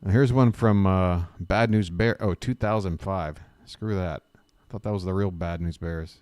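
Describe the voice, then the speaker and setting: A man's voice: sits low, a little slow, darkish tone, smooth, dry recording. A man hosting a live stream, riffing with sarcastic jokes in a rambling, self-interrupting way. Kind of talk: casual live-stream commentary.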